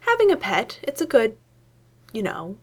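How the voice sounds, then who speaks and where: A fussy, nervous male scientist with a cane, as a woman reads him out in a storybook. He grumbles and huffs, and his voice climbs high and shrill when he gets flustered. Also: wildly swooping pitch, unhurried, husky, full character voice.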